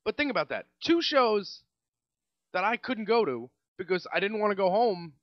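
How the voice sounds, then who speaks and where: A man's voice: high voice, sing-song, normal speed, no echo, muffled recording. A young man with a New York accent, hosting a casual solo podcast and ranting in a rambling, exasperated way with many restarts. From Staten Island, New York. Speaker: podcast host.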